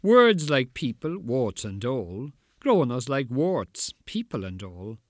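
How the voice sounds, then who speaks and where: Man reading poetry in a lively, incantatory voice. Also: medium pitch, no room sound, clean studio sound. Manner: rhythmic, incantatory delivery with dramatic pauses. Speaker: poet.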